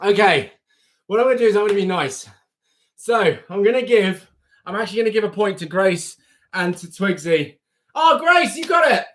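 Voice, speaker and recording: A man's voice: high-pitched, expressive, normal speed, a bit bright. A young man hosting a casual live stream, chatty and often breaking into laughter. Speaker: livestream host.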